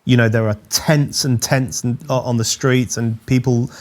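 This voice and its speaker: Earnest man, mid pitch. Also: steady tone, normal speed. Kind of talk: interview conversation.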